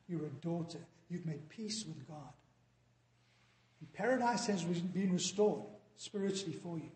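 A pastor with a fairly high pitch and a darkish tone delivers a sermon to his congregation, earnestly questioning them. The recording carries the long reverb of an echoey church hall.

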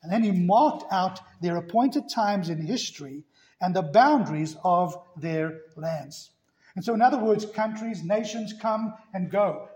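A man's voice: sits high, darkish tone. A middle-aged man with a South African accent preaching a sermon, telling stories and asking rhetorical questions. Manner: storytelling, asks rhetorical questions. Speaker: pastor. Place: church sanctuary. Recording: roomy church echo.

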